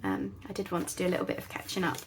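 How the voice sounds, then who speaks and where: A woman's voice: lowish voice, very animated, rapid-fire, noisy background. A woman hosting a casual craft tutorial, chatting in a rambling, self-deprecating way at her craft table at home. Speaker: crafting channel host.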